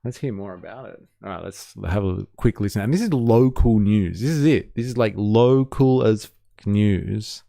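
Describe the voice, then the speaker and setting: A man's voice: on the low side, moderate pace, creaky, hardly any pauses, warm tone, dry recording, clean studio sound. A man giving blunt, sarcastic livestream commentary on news and chat messages, swearing freely.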